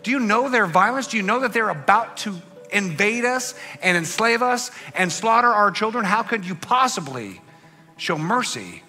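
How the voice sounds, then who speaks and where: A man's voice: sits high, lively intonation, normal speed, bright, forceful tone, long reverb tail, soft background music, pitched above the performer's own voice. A preacher voicing the prophet Jonah, a defiant and sulky man, in an indignant, exasperated way during a sermon.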